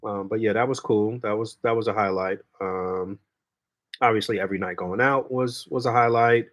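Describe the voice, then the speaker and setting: Laid-back, lower-voiced podcast host. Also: male voice, normal speed. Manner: relaxed, laid-back, swears freely, trailing fillers. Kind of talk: casual chat.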